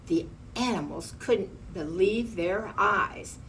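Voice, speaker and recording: A woman reads a children's picture book aloud at an unhurried pace, pausing to point at the pictures. Her voice is recorded from some distance off the mic, with a faint hum underneath. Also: medium pitch, fairly bright tone. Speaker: storyteller.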